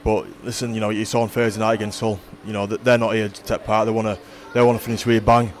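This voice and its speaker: A man talking about his team's next games in an interview, halting with many fillers and restarts. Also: fairly low pitch, little pitch movement, a little hiss or hum. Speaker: rugby league player or coach interviewed. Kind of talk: post-match style interview.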